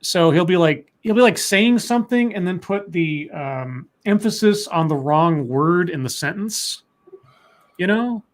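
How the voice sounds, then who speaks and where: Stream co-host, male, slightly high voice, rambling and chatty, casual news reader. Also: animated, measured pace. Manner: rambling, chatty, trails off with fillers. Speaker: co-host reading news stories. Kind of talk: casual livestream chat.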